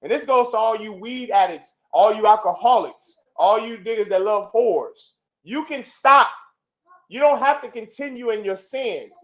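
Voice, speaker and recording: A man preaches a fiery sermon with a notably high-pitched voice. He talks forcefully, repeating phrases like a chant. He swings from loud bursts down to low, intense lines. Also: moderate pace, hardly any pauses, poor audio. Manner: repetitive, chanting lists. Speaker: preacher leading a congregation. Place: indoor gathering.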